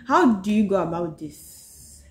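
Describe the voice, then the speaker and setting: Nigerian woman, casual vlogger, mid-pitched and conversational, recorded in a roomy space with faint background hiss. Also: lively intonation, a little slow, a little mellow. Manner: chatty, repeats "so yes", talks to viewers directly. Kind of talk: casual book-summary vlog.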